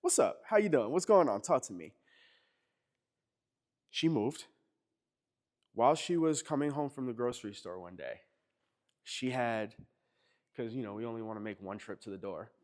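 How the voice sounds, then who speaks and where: A man's voice: mid-range voice, animated, moderate pace, pauses often, darkish tone. A man with an East Coast American accent, a chiropractor telling stories casually to a workshop group, chatty and often laughing as he acts out quotes. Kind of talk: casual storytelling to a live group.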